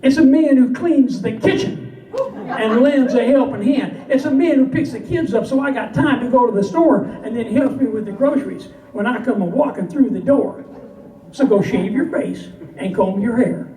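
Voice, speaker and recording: A man's voice: extremely high pitch, moderate pace, mellow. Man voicing a scolding ranch wife. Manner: scolding, blunt. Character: exasperated no-nonsense ranch wife. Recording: echoey, distant, noisy live recording.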